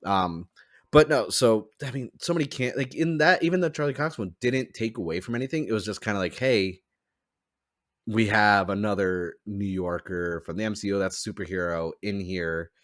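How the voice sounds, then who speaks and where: A man's voice: on the low side, fairly quick, a bit bright, no echo, clean studio sound. A man hosting a podcast in casual chat, rambling with lots of "like" fillers. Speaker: podcast host.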